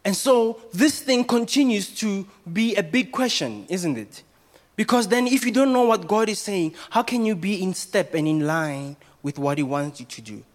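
A man's voice: high-pitched, expressive, moderate pace. A man, a pastor, preaching a sermon and asking the congregation rhetorical questions.

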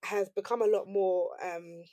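A woman's voice: medium pitch, fairly even intonation, unhurried, dark tone. A woman co-hosting a casual discussion, giving her opinions with lots of "like" and "you know".

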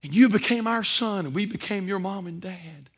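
Earnest dad, raised and pleading, as a preacher puts him on. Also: male voice, sits high, moderate pace, a bit bright, husky, pitched above the performer's own voice. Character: loving adoptive father.

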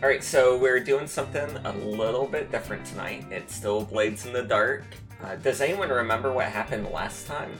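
A man running a tabletop role-playing session for his friends, relaxed and hesitant with many fillers. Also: mid-range voice, moderate pace, few pauses, over music. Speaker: game master. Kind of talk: running a tabletop game over a call.

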